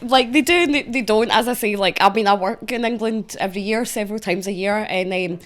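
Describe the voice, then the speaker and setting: A woman's voice: medium pitch, fast talker. Chatty Scottish woman guest. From Scotland. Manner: chatty, laughs often. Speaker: guest, gig promoter and rap agent. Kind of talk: casual chat.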